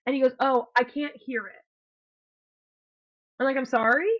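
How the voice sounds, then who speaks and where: Woman podcast co-host, chatty storyteller, slightly high voice, muffled lo-fi sound. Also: moderate pace. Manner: animated storyteller, acts out quotes, swears. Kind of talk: casual storytelling chat. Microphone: podcast mic, remote call.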